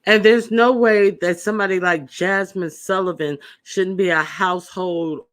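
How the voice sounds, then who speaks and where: A woman's voice: mid-range voice, steady tone, moderate pace. A woman in casual chat, blunt and opinionated.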